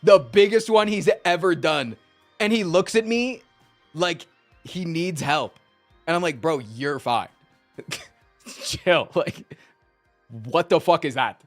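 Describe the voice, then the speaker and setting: A man's voice: high-pitched, takes it slowly, pauses often, soft background music. A man livestreaming in casual chat, telling stories with lots of swearing and reading out chat messages. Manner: animated storytelling with frequent swearing; reads and answers chat messages.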